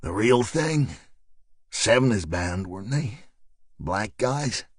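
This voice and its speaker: A tough cop who talks low and sparse, every word clipped and quietly menacing. A man reads him in an audiobook thriller, keeping the voice deep and dry. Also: animated, slow pace, slightly rough, no echo, exaggerated voice. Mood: probing. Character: hard, quiet male ex-soldier cop.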